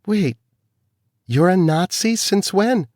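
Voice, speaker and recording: A man voicing a shocked young woman, asking strained, high questions. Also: expressive, slow, a little mellow, no room sound, clean studio sound.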